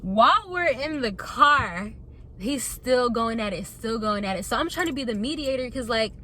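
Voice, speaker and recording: A young woman vlogger telling a casual storytime to her viewers, animated and chatty, calling them y'all. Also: a little high, moderate pace.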